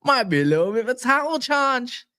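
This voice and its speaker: A man's voice: very high voice, brisk. A young man chatting casually on a football fan live stream, joking and bantering in slang. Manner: animated, jokey, slangy banter.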